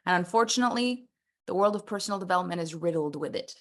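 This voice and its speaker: A woman coaching a personal development workshop, animated and playful, acting out little scenes as she teaches. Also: lowish voice, quick pace.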